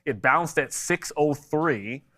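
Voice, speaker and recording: A man's voice: a little high, animated, takes it slowly, bright, forceful tone. A man co-hosting a live stock market show, giving blunt, conversational trading commentary and answering chat questions, a little congested from allergies.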